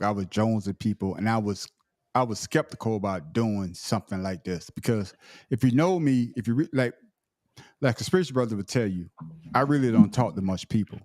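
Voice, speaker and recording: A man's voice: fairly low pitch, darkish tone, no echo, studio quality. A man hosting a podcast panel in a loose, rambling way, repeating himself as he talks. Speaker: podcast host. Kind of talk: casual panel chat.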